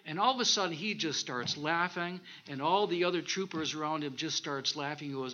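A man, a minister, preaching a sermon with animated storytelling and scripture reading, on a dull lo-fi recording. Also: a little high, moderate pace, few pauses, noisy background.

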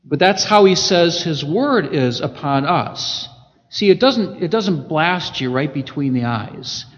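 Guy preaching, loud then hushed, echo-y hall, kinda muffled. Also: a little high, lively intonation, a little slow. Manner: emphatic, swings between loud and hushed. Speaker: pastor. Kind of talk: sermon with scripture reading. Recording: echoey hall, dull lo-fi sound.

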